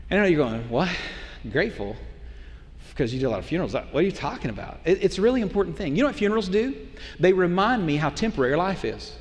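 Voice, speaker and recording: High-voiced pastor preaching in a reverberant hall. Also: male voice. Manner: conversational preacher, asks the crowd rhetorical questions. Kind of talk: sermon.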